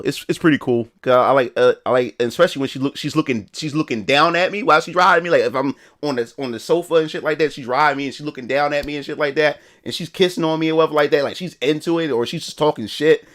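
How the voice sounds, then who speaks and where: A man's voice: on the high side, fast, hardly any pauses, a bit bright. A young man chatting casually on a livestream in a rambling, slangy way, full of restarts and fillers. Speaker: live streamer.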